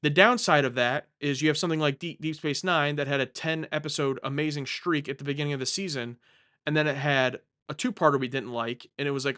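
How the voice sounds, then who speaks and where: A man's voice: a little high, fairly even intonation, fairly quick, pushed and bright. Chatty man hosting a live Q&A. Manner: rambling, self-correcting, jokey. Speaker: livestream host answering viewer questions. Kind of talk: casual live Q&A chat.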